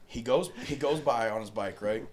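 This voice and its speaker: A man in casual podcast chat, a profane, animated storyteller. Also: mid-range voice, normal speed, noisy background.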